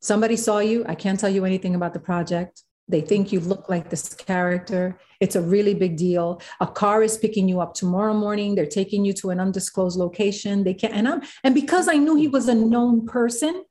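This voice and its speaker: A woman, a guest in an interview, telling a story with animated quoted voices. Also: medium pitch, brisk, few pauses. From South Bronx, New York. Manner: animated, acts out quotes of others.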